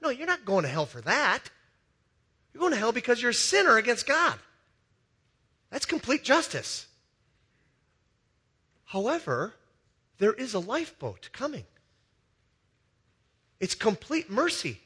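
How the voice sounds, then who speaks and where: Bright-voiced male pastor preaching. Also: extremely high pitch, measured pace, pauses often, slightly rough. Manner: storytelling that swings from loud, excited passages to soft, hushed ones. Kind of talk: sermon. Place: church with a balcony.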